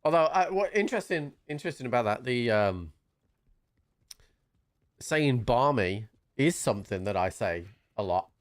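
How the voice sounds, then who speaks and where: A British man chatting casually while streaming a game, chatty and quick to laugh. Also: mid-range voice, lively intonation. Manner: chatty, laughing, restarts often. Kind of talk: casual livestream chat.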